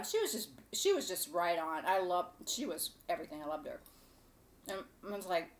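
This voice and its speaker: A woman's voice: mid-range voice, animated, moderate pace, a bit bright. A woman hosting a casual cooking show, chatting to camera in a gushing, rambling way.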